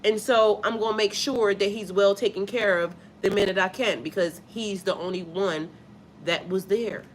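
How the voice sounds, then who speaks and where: A woman's voice: mid-range voice, moderate pace, a little hiss or hum. A woman who is a spiritual life coach talks bluntly and with lots of swearing in a casual live stream, stopping to read out comments from viewers. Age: adult with a child. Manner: blunt, profane, emphatic.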